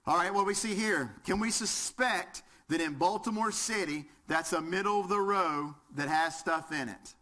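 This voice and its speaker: His voice here is high-pitched, pushed and bright, moving at normal speed with few pauses. The man, who has a Southern US accent, teaches a fire service class, asking the audience questions and joking throughout.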